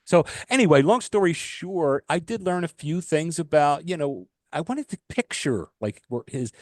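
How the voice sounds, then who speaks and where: A man co-hosting a casual podcast, telling a rambling, animated story with restarts and swearing. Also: on the high side, moderate pace, dry recording, studio quality. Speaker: podcast co-host. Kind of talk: casual chat.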